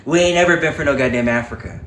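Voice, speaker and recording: A man hosting a livestream, talking in an animated, profane, preachy way. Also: medium pitch, fast, roomy sound. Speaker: livestream host. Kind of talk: casual livestream talk.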